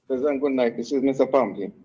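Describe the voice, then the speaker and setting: A man calling in to a radio show by phone, rambling and halting with many restarts. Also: mid-range voice, warm tone, breathy edge, lo-fi sound. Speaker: caller. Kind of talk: call-in radio talk.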